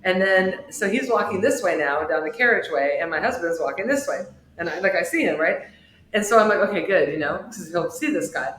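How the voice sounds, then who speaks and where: Expressive woman telling a story, echoey room. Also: brisk. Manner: expressive storyteller with wide swings in pitch and loudness. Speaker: podcast guest, author and shop owner. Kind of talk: telling a personal ghost story in an interview. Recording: echoey room with faint noise.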